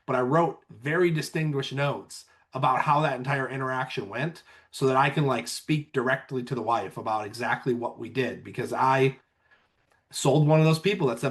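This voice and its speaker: Insurance manager guy chatting on a podcast, tells stories and does the clients' lines, mid pitch. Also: moderate pace. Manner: storytelling, acts out clients' lines. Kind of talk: casual podcast chat.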